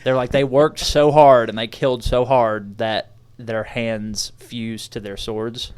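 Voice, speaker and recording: Brief: young male podcast co-host, mid-pitched, loose and rambling in casual chat. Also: steady tone, takes it slowly, a little mellow, clear, resonant tone. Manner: casual, rambling, says "dude".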